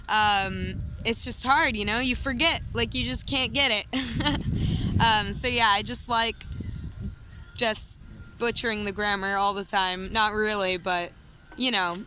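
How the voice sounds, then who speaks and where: Chatty, bright-voiced woman vlogger. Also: mid-range voice, a little hiss or hum, low-quality recording. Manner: chatty, giggly, heavy use of "like". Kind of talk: casual chat to camera.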